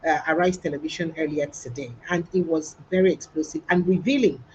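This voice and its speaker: A woman's voice: low voice, fairly even intonation, brisk, warm tone, dull audio, a little hiss or hum. A Nigerian woman hosting a news livestream, reading headlines in a casual chatty way with pidgin asides. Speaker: news show host.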